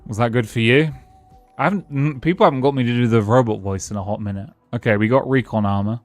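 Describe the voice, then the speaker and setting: A man's voice: medium pitch, fast talker, no room sound, faint music behind. A man streaming a game live, rambling casually and answering his chat as he plays. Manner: rambling, chatty, answers chat and thanks followers.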